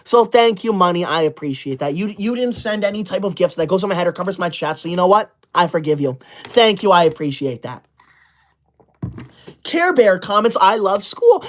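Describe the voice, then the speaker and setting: A man's voice: high-pitched, expressive, moderate pace. Theatrical male livestream host. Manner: theatrical, over-the-top gratitude and mock outrage; repetitive hype-style thanking. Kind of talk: livestream, reading out super chats.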